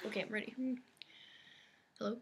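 A woman's voice: fairly quick, a bit bright. A young woman making a playful toy video, giggling and directing her partner. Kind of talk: playful toy play filming.

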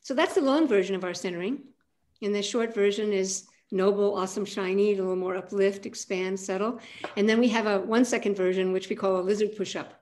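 An older woman, an aikido teacher, guiding a calm centering practice on a video call with a soft, unhurried manner. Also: mid-range voice. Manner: calm, soft-spoken guidance with frequent pauses.

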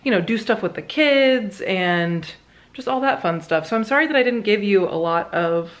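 A woman's voice: mid-range voice, moderate pace. Giggly woman vlogger. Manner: giggly, animated storytelling. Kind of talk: casual chat.

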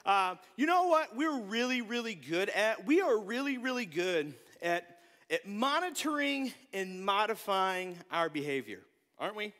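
A man preaching a sermon in a church, animated and joking, acting out the voices of people he quotes. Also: high voice, measured pace, long reverb tail. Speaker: pastor. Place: church sanctuary.

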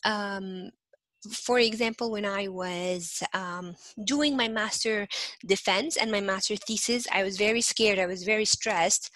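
A young woman teaching a lecture in a bright, clear voice. She keeps saying "again" and breaks into little acted-out examples. The sound is dry and close, with no room echo. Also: mid-range voice. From not from Canada. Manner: repeats "again" and restarts often, acts out short examples. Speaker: instructor. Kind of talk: recorded lecture.

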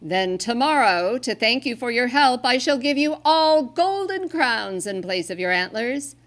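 A woman voicing Santa, a jolly, grateful old man in a storybook, speaking heartily and exclaiming warmly. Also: a little high, animated, a little slow, pitched above the performer's own voice. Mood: explaining.

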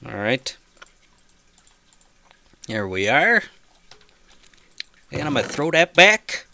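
A man casually commenting on his own gameplay, chatty and quick to yelp and laugh. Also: mid-range voice, vocal fry, no echo. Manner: chatty, easily excited, yelps and laughs. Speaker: gaming channel host. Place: home room with an aquarium. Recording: noisy home recording, aquarium drip behind. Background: dripping aquarium water.

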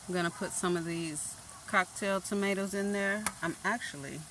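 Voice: mid-range voice, moderate pace. Playful cooking vlogger over a sizzling pan. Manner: playful, chatty, self-teasing. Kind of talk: casual chat while cooking. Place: home kitchen. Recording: noisy kitchen with frying sizzle. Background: sizzling pan and stirring.

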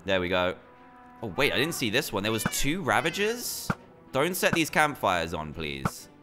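Excitable British man commentating gameplay. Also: on the low side, moderate pace, music in the background. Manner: excitable, animated reactions. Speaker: gaming YouTuber.

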